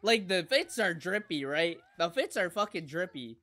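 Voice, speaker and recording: A woman hosting an anime reaction, moving from soft cooing to loud excited squeals and swearing freely. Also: lowish voice, normal speed.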